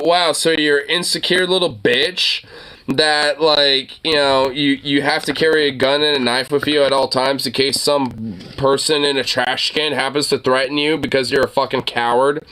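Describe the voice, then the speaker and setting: A man's voice: mid-range voice, fairly even intonation, unhurried, pushed and bright, clean tone. A young man streaming, reacting to a video in a rambling, profane way with many stammered restarts. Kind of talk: casual reaction commentary.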